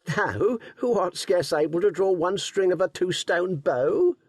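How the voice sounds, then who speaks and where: A man voicing a rough forester who taunts and jeers, drawing out his words. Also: high voice, lively intonation, measured pace, dry recording, studio quality, voice pushed up, full character voice. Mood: mocking. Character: mocking male forester, rough and jeering.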